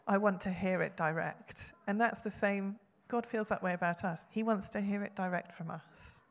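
A woman's voice: mid-range voice, moderate pace, creaky. A woman giving an earnest, conversational personal testimony about prayer in a church hall. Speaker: church speaker. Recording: long hall reverb.

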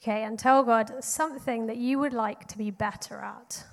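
A woman leading children and families through a guided prayer in a church hall, bright and encouraging with pauses between prompts. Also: a little high, steady tone. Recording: long hall reverb.

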